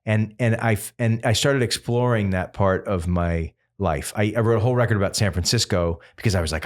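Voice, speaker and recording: A man in his fifties with a very low voice, originally from Massachusetts. He talks as a guest in a relaxed interview, winding through long stories with plenty of "like" and "you know". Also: brisk, hardly any pauses. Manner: rambling, animated storytelling full of fillers. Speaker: singer-songwriter guest. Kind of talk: casual interview chat.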